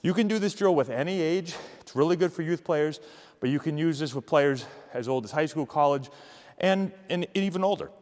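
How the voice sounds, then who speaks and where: A man coaching youth agility drills, giving energetic, encouraging cues while demonstrating. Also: fairly high pitch, fairly quick, in a large hall. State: out of breath. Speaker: baseball coach.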